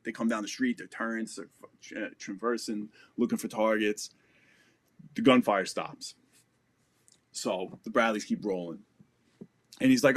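A man telling a combat story from his military service in a casual, animated and profane way. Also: fairly low pitch, a little slow, pauses often, slightly rough. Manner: animated, profane, acts out quotes. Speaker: military veteran.

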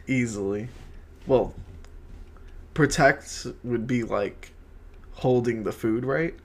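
Young man, podcast co-host, gravelly creaky voice, casual banter, jokey. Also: medium pitch, very slow. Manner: joking, laughs often, swears casually. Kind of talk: casual chat.

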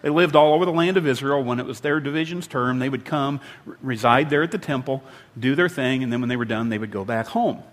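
A man preaching a sermon, retelling a scripture story in a lively way and acting out the quoted lines with sudden loud bursts. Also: mid-range voice, fast, long reverb tail. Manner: lively storytelling, acts out quotes with big swings. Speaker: pastor.

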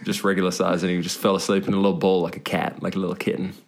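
A man's voice: low-pitched, flat delivery, racing, creaky. A young man co-hosting a casual podcast, joking and riffing with playful exaggeration. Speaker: podcast co-host. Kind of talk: casual comedic podcast chat.

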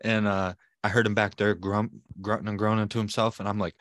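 A man's voice: fairly low pitch, fairly even intonation, fairly quick, fairly bright tone, no room sound. A man in casual podcast chat, animatedly retelling a story, swearing freely and laughing between lines. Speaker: podcast co-host.

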